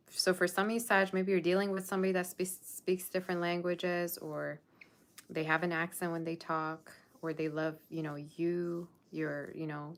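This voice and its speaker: A woman's voice: deep voice, fairly bright tone. A young adult woman hosting a tarot livestream, chatting casually and sassily teasing the viewers in her chat. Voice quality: sassy, teasing banter with the chat. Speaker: tarot reader livestream host.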